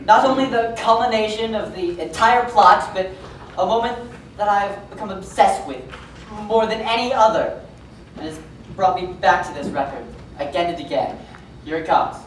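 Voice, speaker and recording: A woman's voice: medium pitch, normal speed, lightly acted. A woman playing a lonely middle-aged man who obsesses over an old musical record, chatting wistfully in rambling asides. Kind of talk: amateur stage musical acting. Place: theatre stage. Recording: echoey hall, mic far from stage, noisy.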